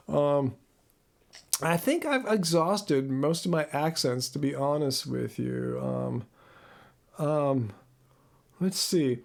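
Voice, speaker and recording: A man's voice: fairly high pitch, very slow, gravelly, pauses often. A man from Southern California hosting a live Q&A stream, chatting casually with his viewers, laughing often and stumbling over repeated words as he restarts his sentences. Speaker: host. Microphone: own microphone.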